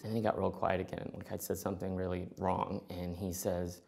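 A man's voice: on the low side, brisk, gravelly, hardly any pauses, soft background music. A middle-aged man telling a personal story, acting out both sides of the conversations as he goes. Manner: animated, acts out both sides of dialogue.

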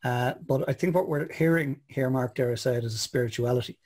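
An Irish man hosts an online interview in a husky, mid-pitched voice. He muses on his guest's story with halting pauses and fillers. His tone is conversational and considered. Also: darkish tone. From Ireland. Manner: reflective, halting, many fillers. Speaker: host.

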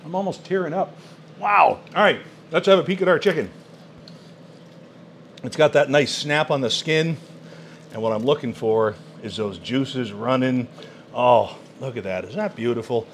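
A man hosting a cooking vlog, demonstrating a kitchen appliance at home with excited exclamations and frequent laughs. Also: medium pitch, normal speed, long pauses, slight background noise. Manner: enthusiastic, exclamatory, laughing often. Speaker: cooking channel host. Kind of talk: product demo cooking vlog.

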